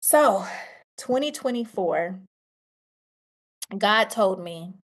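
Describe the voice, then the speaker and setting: A woman's voice: medium pitch, expressive, extremely slow. Emphatic woman giving faith testimony. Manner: emphatic, repeats phrases like a preacher; talks straight to listeners, addressing them as y'all. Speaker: podcast host. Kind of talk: faith testimony podcast monologue.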